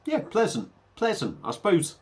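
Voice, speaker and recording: A man's voice: high voice, wildly swooping pitch, moderate pace, a little mellow. Chatty man reviewing a beer. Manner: rambling, chatty, hesitant fillers. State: slightly under the weather. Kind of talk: casual beer review vlog.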